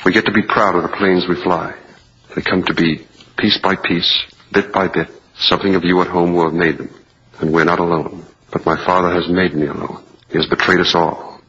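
A man's voice: deep voice, flat delivery, moderate pace, fairly bright tone, slight background noise. An actor playing a young soldier son who is anguished and bitter at his father, in a 1940s film drama. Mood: grave. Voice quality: husky, impassioned. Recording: dull old film soundtrack.

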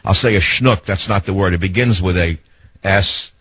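A man's voice: low voice, bright, forceful tone, a little hiss or hum, poor audio. An older man with a New York accent hosting a talk radio show, brash and digressive. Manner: brash, rapid-fire, digressive.

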